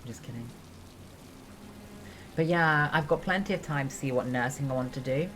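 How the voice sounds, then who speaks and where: A woman's voice: extremely low pitch, moderate pace, a bit bright, slight background noise. A young woman streaming a game, chatting casually and explaining steps one by one with lots of fillers. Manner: explains step by step, many fillers, chatty asides. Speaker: streamer and nursing student. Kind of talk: casual chat while gaming.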